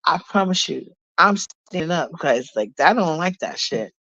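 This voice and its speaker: A woman's voice: low-pitched, lively intonation, moderate pace, a bit bright, no room sound. A woman with a bad cold, venting angrily and profanely on a live stream, repeating herself to defend her point. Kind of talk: heated live-stream rant. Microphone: phone on a live stream, camera off. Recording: dull lo-fi stream audio.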